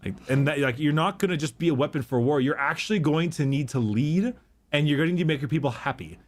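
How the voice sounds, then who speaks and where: A man co-hosting a casual podcast-style video, explaining lore in a relaxed, chatty way full of "like". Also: a little high, fast.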